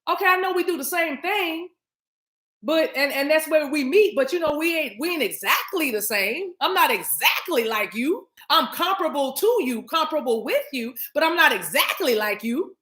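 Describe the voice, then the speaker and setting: A woman hosting a livestream, talking to her chat in an animated, emphatic, preachy way and repeating her phrases. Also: high voice, normal speed. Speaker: spiritual reader and livestream host. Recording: roomy echo.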